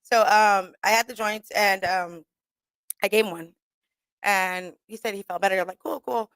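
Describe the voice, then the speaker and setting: A young woman rambles through stories on her radio show, laughing often and cursing freely as she acts out what people said. Her pitch sits in an ordinary middle range. The sound is close and dry, with no room behind it. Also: fairly even intonation, moderate pace, fairly bright tone, dry recording. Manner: laughing often, swearing, storytelling with quoted asides. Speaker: radio show host and comedian. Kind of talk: casual rambling monologue. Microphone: studio microphone.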